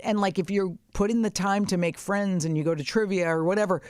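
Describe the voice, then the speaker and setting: A woman's voice: mid-range voice, fairly even intonation, a little fast, a little mellow, no echo, clean studio sound. A woman hosting a podcast, giving advice in casual chat with brash, profane wisecracks. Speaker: podcast host.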